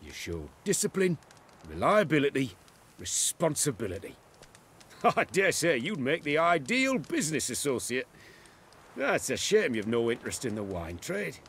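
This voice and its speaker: A man's voice: mid-range voice, sing-song, moderate pace, fairly bright tone, slightly rough, exaggerated voice. An actor playing a genteel, formal male inventor who speaks in an effusive way.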